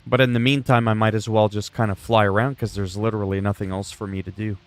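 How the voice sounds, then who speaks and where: A man's voice: on the low side, little pitch movement, fast talker. A man from Canada chatting casually with viewers while he plays a video game, rambling and greeting them by name. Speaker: livestreamer. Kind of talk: casual gameplay chat.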